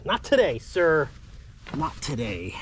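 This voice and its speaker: Guy putting on a stuck brake part, stiff and proper, saying no, slightly high voice, windy noise behind. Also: huge pitch swings, slow pace, exaggerated voice. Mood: stubbornly polite. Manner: mock-formal refusal. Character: stubborn seized brake part, male, politely defiant.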